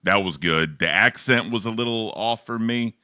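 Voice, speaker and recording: A man's voice: fairly low pitch, normal speed, sharp tone, clear, resonant tone, no room sound, clean studio sound. A man with a Southern accent on a streamed panel, laid-back and profane, rambling through his opinions. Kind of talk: casual chat.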